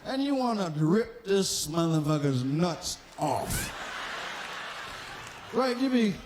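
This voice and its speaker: A man's voice: high-pitched, big pitch swings, slow, noisy background. A man in his forties doing a live stand-up comedy routine, telling loose profane stories and acting out the people in them. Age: 40s. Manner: profane, loose storytelling that acts out characters. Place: live stage show.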